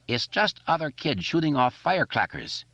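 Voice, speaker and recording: A man voicing a wisecracking boy who keeps doing silly voices, in a jokey, squeaky manner. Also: wildly swooping pitch, normal speed, a bit bright, dry recording, exaggerated voice. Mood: joking. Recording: dull lo-fi audiobook recording.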